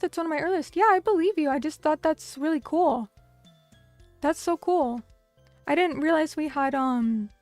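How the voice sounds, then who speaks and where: A young woman streams and chats casually, reading viewer comments and reacting in a bubbly way with lots of fillers. Her voice is high-pitched with a darkish tone, recorded dry.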